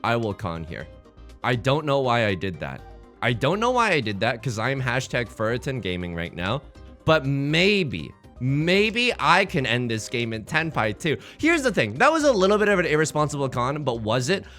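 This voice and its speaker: A man's voice: mid-range voice, big pitch swings, moderate pace, a bit bright, faint music behind. A young man from the United States giving casual, joking commentary while playing a game, rambling to himself and his viewers. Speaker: let's play host.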